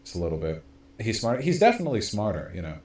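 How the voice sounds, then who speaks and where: A man's voice: fairly low pitch, big pitch swings, quick pace, darkish tone, echoey room. A man streaming political commentary, rambling and sardonic, with many fillers and restarts.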